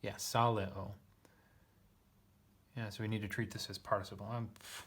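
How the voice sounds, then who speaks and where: Man, low voice, Latin translation lesson, thinking aloud, hesitant, self-correcting, self-deprecating. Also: fairly even intonation, normal speed, pauses often, fairly bright tone. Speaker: teacher reading Latin scripture.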